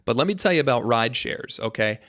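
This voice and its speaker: A man's voice: mid-range voice, expressive, fairly quick, fairly bright tone. Rambling, jokey male podcast host. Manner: rambling, jokey, mock-dramatic asides to "folks". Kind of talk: casual solo podcast monologue.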